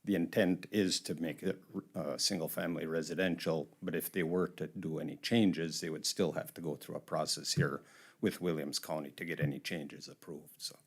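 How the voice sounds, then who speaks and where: A man's voice: rumbling low, fairly even intonation, normal speed, husky. A man explaining a land request at a county meeting in a plain way, with fillers.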